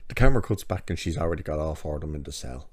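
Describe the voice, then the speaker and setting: A man with a very low, dark, mellow voice talks through an episode recap in loose, chatty fashion. He is sarcastic and swears freely, and the sound is dry and close. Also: lively intonation, rapid-fire, no echo. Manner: sarcastic, profane, chatty storytelling. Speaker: TV episode reviewer. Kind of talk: casual spoken recap and review.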